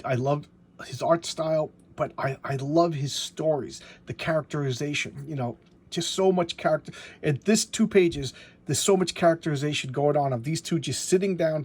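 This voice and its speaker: A man reviewing a comic book in casual talk, halting and repeating words as he enthusiastically walks through the story. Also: a little high, slightly rough.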